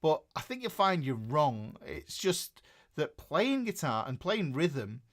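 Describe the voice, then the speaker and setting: Brief: Northern English male guitar tutor, middle-aged, animated rising-and-falling delivery, fairly high voice, keeps checking in with viewers. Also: slow pace. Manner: chatty, self-correcting, checks in with listeners. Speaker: guitar teacher. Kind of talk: live-streamed guitar lesson.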